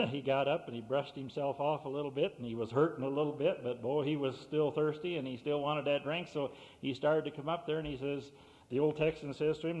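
A man's voice: fairly high pitch, steady tone, a little fast, darkish tone. Folksy man telling a joke. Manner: drawling storyteller with many uh fillers. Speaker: meeting emcee. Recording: dull cassette tape in a reverberant hall.

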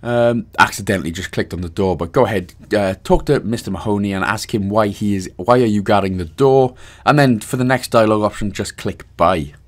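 A man's voice: lowish voice, brisk, hardly any pauses. Jokey Welsh man narrating a game guide. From Wales. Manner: jokey, self-mocking asides. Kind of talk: casual voice-over game walkthrough.

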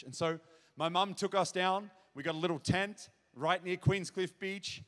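Man, pastor, testimony sermon, high-pitched voice, long echoing hall reverb. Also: brisk. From Australia. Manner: storytelling, acts out shouted child's cries. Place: large church auditorium.

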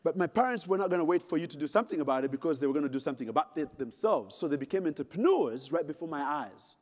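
A slightly high, somewhat mellow male voice fires off words rapidly with lively intonation. The speaker, a middle-aged Ugandan man, gives a conference keynote in a large hall, telling a dramatic tale with jokes and talking straight to the crowd. Long hall reverb colors the recording.

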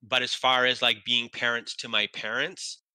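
A man as an interview guest, telling a personal story in a halting way, restarting when moved and close to tears. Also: medium pitch, level tone, sharp tone, clean tone, dry recording, low-quality recording.

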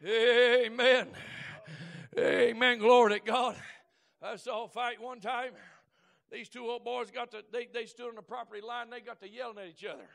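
A man preaching in a very high, strikingly bright voice. He spins down-home stories and breaks into shouted exhortation. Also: steady tone, brisk, gravelly. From Oklahoma. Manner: folksy storytelling that builds to shouted exhortation. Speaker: guest preacher. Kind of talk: Pentecostal preaching.

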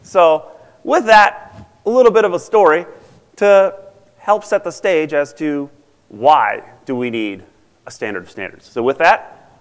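A man's voice: on the high side, measured pace. A man speaking at a conference, retelling a story in a breezy, slangy way. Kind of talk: playful storytelling. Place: large conference hall. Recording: reverberant conference hall.

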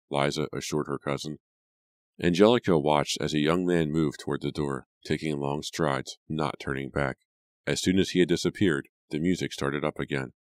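A man reading a novel aloud as audiobook narrator, measured and deliberate. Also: extremely low pitch, fairly even intonation, no echo, studio quality. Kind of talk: scripted narration.

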